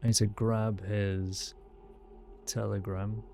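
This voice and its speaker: A man with a faded South Welsh accent chatting his way through a roleplay game. His voice sits a little low, and he talks in an unhurried, laid-back way with casual swearing. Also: level tone, vocal fry, a little mellow, slight background noise. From South Wales. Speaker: streamer playing a sheriff.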